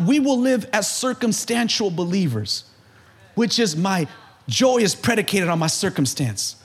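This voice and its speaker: A male pastor preaching a sermon in an animated way that builds to shouting. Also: sits high, moderate pace.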